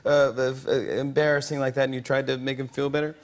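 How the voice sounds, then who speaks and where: A man hosting a talk show, telling a story about himself in an excited, self-mocking way, stumbling over his words and breaking into laughter. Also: mid-range voice, a little fast, few pauses, slight background noise. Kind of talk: casual chat, telling a story to a guest. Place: TV studio.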